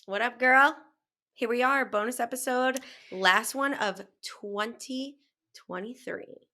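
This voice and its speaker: A woman's voice: a little high, slow pace, sharp tone. A woman co-hosting a casual spiritual podcast, bubbly and playful, acting out voices in her stories. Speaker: podcast co-host.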